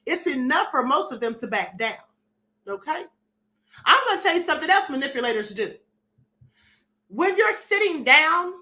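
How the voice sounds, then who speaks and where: A middle-aged woman hosting a casual live stream, sassy and animated, acting out little dialogues and reading chat comments. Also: sits high.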